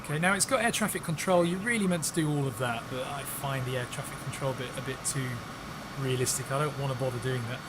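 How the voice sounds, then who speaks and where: A man's voice: mid-range voice, fast, very noisy. A man hosting a live stream, chatting casually and upbeat while flying a plane in a simulator and greeting viewers. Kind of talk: casual live-stream commentary while playing a flight sim.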